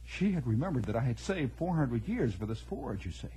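A man telling a personal story in a radio monologue, animated and chuckling as he acts out family dialogue. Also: mid-range voice, brisk, a little hiss or hum, rough recording.

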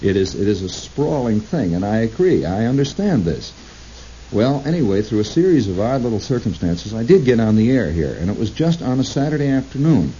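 A man broadcasting on radio, telling a long rambling story in a halting, digressive way, breaking into quoted voices. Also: lowish voice, very animated, warm tone. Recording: lo-fi recording with faint hiss.

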